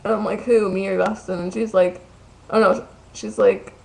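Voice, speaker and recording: A woman's voice: mid-range voice, steady tone, normal speed, vocal fry, rough recording. A young woman telling a story in a casual vlog, ranting and chatty, full of "like" and "um". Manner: chatty, ranting, many likes and ums.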